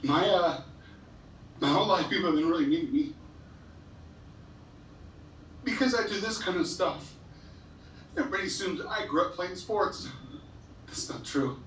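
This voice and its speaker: Recorded from afar in an echoey large school hall or gym, with a little hiss or hum, a high-pitched man speaks at normal speed with long pauses and a slightly bright tone. He's a motivational speaker sharing heartfelt, emotional stories with a school assembly, now and then stumbling and repeating himself when moved.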